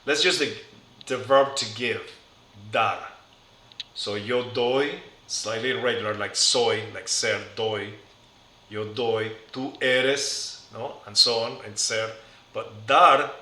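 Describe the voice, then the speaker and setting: A middle-aged Spanish teacher gives a recorded classroom lecture, patiently and carefully spelling out each form one at a time. His medium-pitched voice sounds pushed and bright, in an echoey room with faint background noise.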